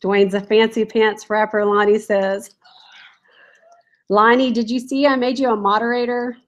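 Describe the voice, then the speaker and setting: A reseller vlogger chats casually on a live stream from home, giggling and reading viewer comments aloud while dogs bark in the room. Her voice is a little high with a flat delivery and moderate pace. The recording is rough.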